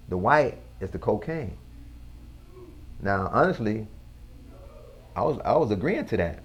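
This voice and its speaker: A man who is a guest on an interview show, earnestly telling a personal story in a slow, casual way with slang. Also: fairly low pitch, lively intonation.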